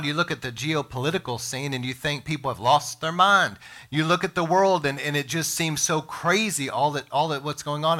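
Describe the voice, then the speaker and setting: A man preaching a sermon as pastor, emphatic, slowing down to stress words and speaking straight to his congregation and listeners. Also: on the high side, bright, forceful tone. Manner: addresses congregation and podcast listeners directly.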